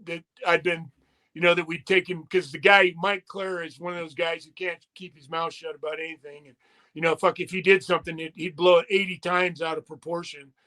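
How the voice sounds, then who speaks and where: An older man, a retired wrestler and musician, appears as a guest in a casual interview, spinning long profane anecdotes and acting out the people he quotes. His fairly high voice holds a level tone, bright and forceful, moving a little fast.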